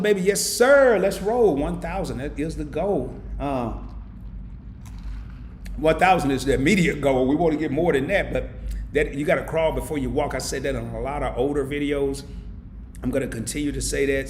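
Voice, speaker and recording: A man's voice: medium pitch, a little hiss or hum. Guy on a live stream reading out chat comments, roomy echoey sound. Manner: reads viewer comments aloud and answers them; emotional, heartfelt thanks. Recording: echoey room.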